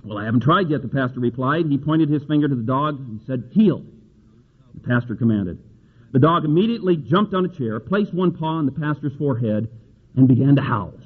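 A man preaching a sermon in a folksy, conversational way, reading scripture aloud and climbing to an emphatic pitch on key verses. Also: animated, brisk, breathy edge. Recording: tinny phone-like sound.

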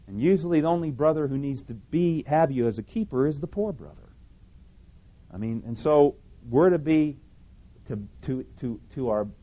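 A man's voice: medium pitch, warm tone. A man preaching a sermon, speaking emphatically, repeating phrases and correcting himself as he goes. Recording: dull lo-fi recording.

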